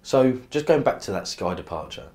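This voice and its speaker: A man hosting a podcast, asking quick follow-up questions in a casual interview. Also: medium pitch, sing-song, a little mellow.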